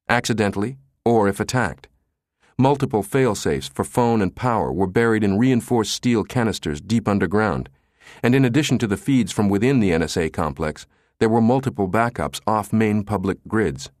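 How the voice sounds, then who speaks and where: A man reading a thriller audiobook in steady scripted narration. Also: fairly low pitch, no room sound, studio quality.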